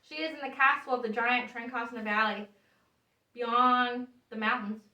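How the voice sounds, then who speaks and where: Woman doing a sly little white tomcat, knowing tone, bright, recorded from a distance. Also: a little high, steady tone, moderate pace, dull audio. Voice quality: knowing, teasing. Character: clever little white male cat. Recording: echoey room, voice from far off.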